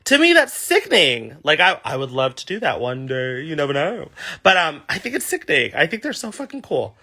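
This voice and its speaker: Sassy, gushing livestream host, man in his thirties, very lively pitch. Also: fairly quick. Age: 30s. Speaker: livestream host answering fan questions. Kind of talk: casual livestream chat.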